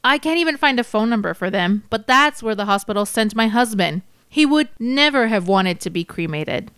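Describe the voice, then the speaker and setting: A woman voicing a grieving widow who speaks slowly, coldly and cuttingly, pitched above her narrating voice. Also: expressive, fairly bright tone, clear, resonant tone, no room sound, clean studio sound. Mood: bitter. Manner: slow, cold and cutting. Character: grieving, bitter widow, cold and angry.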